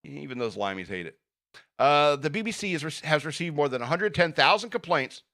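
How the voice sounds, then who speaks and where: A man's voice: fairly high pitch, big pitch swings, moderate pace, bright, forceful tone. A man hosting a podcast, reading news stories aloud and giving blunt, sarcastic opinions with frequent fillers. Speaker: podcast host.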